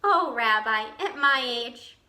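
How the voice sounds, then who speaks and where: A woman's voice: a little high, lively intonation, takes it slowly, bright, forceful tone, roomy sound, heavily acted. A woman voicing a kindly, chatty old grandmother with failing eyes, fussing over her guest in a storybook read-aloud. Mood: fond. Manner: cheerful, chatty, fussing hostess.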